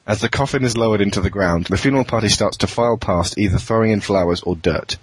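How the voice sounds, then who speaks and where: A man narrating scene directions in a plain, steady way. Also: fairly low pitch, fast talker, breathy edge, no echo, rough recording.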